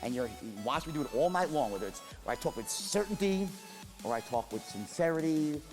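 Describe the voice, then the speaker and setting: A man's voice: on the high side, lively intonation, brisk. A man giving a motivational sales seminar, emphatic and repetitive, drawing call-and-response from the audience. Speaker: sales trainer. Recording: live hall with long reverb and faint music.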